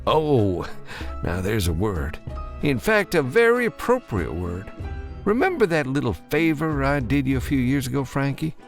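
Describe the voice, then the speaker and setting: A man's voice: mid-range voice, sing-song, measured pace, soft background music, voice pushed up. A man voicing a brash American former soldier with a drawl, jovial and needling in an audiobook. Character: brash old American army buddy, male.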